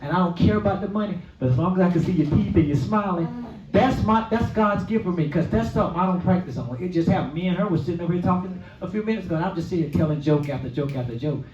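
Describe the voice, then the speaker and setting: A man in his forties telling his life story at a luncheon, with a lively storytelling style that swells into exclamations. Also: sits high, fast talker. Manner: storytelling, preacher-like, rising to exclamations. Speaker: guest speaker. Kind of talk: personal testimony. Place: event hall at a luncheon. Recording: echoey room from far off, dull sound.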